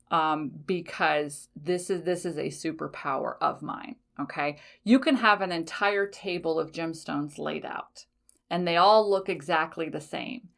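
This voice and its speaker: Woman podcast host, lowish voice, casual chatty talk, laughs a lot, light swearing, lots of fillers. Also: vocal fry. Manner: frequent fillers, self-corrections. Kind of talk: casual solo podcast chat.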